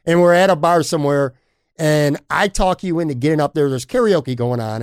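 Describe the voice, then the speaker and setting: Chatty male host, higher voice, dry close mic, long easygoing questions. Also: darkish tone, clean tone, dry recording. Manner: friendly, laughs along, lays out questions at length. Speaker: podcast host. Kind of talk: interview questions, casual.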